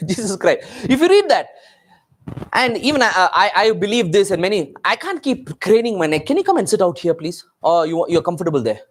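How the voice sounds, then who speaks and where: Animated man preaching to a congregation. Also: sits high, moderate pace. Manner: animated preaching with rhetorical questions and asides to the congregation. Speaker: pastor. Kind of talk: sermon. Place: church meeting.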